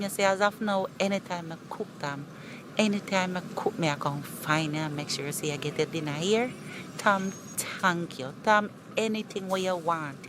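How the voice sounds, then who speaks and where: Low-ish jamaican cartoon woman, pleading and gushing, noisy street behind. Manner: pleading, repeats the name over and over. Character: eager young woman, emotional and grateful. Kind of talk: animated cartoon dialogue.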